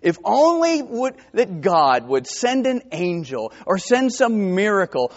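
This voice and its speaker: Animated high-voiced preacher from New Jersey. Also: male voice, slow, few pauses. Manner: animated preaching, swinging from hushed to emphatic. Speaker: pastor. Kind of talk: sermon. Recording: dull lo-fi sermon recording.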